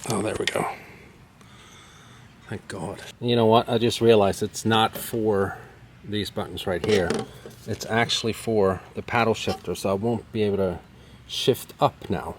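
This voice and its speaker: A man's voice: on the low side, fairly even intonation, measured pace, slight background noise. A man casually narrating a do-it-yourself car repair as he works, chatty and muttering to himself. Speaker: car DIY vlogger. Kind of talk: casual how-to narration while working.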